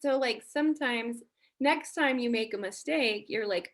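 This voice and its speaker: A woman's voice: on the high side, measured pace. A woman who is a guest on a podcast, walking through a numbered list of points in casual conversation. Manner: explains points from a numbered list, says "mm-hmm" often while listening.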